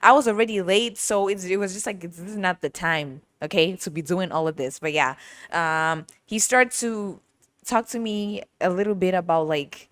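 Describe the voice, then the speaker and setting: A woman hosting her own podcast, telling a story in a chatty, animated way with lots of asides. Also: on the low side, moderate pace, no echo, studio quality. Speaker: podcast host. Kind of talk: casual storytelling monologue.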